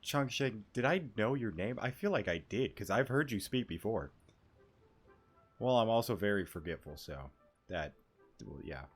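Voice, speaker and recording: A man's voice: on the low side, lively intonation, normal speed. A man casually commenting while playing a game, joking and crude.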